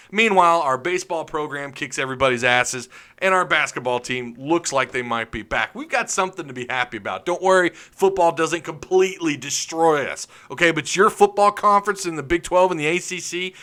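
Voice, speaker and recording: A man hosting a live sports podcast, ranting loudly with opinions and jokes, laughing often as he reads viewer comments. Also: on the high side, brisk. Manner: loud, opinionated, joking rants with frequent laughs. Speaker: podcast host. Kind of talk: live-stream sports chat reading comments.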